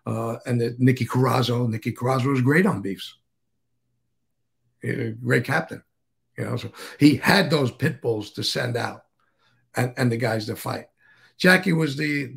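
A man's voice: mid-range voice, creaky. A man as an interview guest, telling stories casually in a rambling way, swearing freely and restarting sentences.

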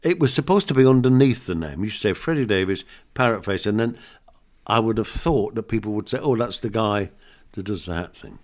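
A man's voice: on the low side, animated, a little fast. An older man, a comedian guest, chatting in an interview and telling anecdotes and jokes with frequent laughs. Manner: chatty storyteller, laughs often, acts out jokes.

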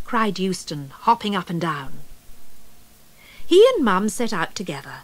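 A woman narrating a children's story tape in a slow, expressive reading voice. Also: on the low side, no room sound.

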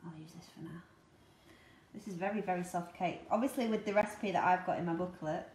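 A woman's voice: on the low side, a little fast, darkish tone. A woman, a cake decorator, chatting cheerfully while she demonstrates. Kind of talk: casual chat while demonstrating. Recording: echoey room with background noise.

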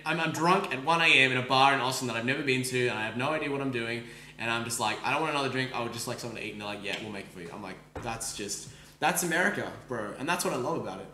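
Australian man, podcast host, bright tense voice, rapid rambling, swears a lot. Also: medium pitch, echoey room. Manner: rapid, swearing, full of likes and restarts. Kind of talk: casual storytelling chat. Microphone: streaming microphone.

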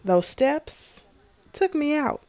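A woman's voice: high voice, very animated, takes it slowly, darkish tone, dry recording. A woman travel vlogger narrating casually in voice-over, chatty, with filler words and asides to the viewers.

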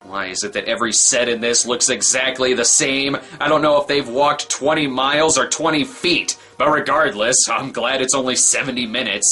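A man's voice: medium pitch, steady tone, moderate pace, hardly any pauses, sharp tone. A man giving sarcastic, wisecracking comedic commentary on a movie he is reviewing. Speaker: film review host.

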